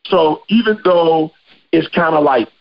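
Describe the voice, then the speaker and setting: A man's voice: a little high, unhurried, creaky, muffled recording. A man hosting a podcast, talking casually and emphatically with slang. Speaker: podcast host.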